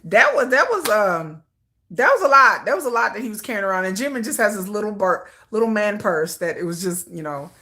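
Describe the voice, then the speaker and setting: Sing-song, fairly quick, and medium in pitch, her voice has a bright, forceful tone. She's a chatty, sassy K-pop livestream host from Detroit, United States who laughs frequently while streaming from her computer at home with a ring light.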